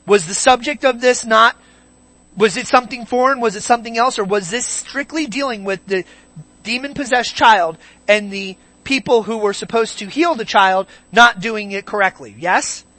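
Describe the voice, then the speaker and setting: A preacher giving a verse-by-verse Bible teaching, emphatic, slowing on key words and asking many rhetorical questions. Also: medium pitch, a bit bright, no room sound.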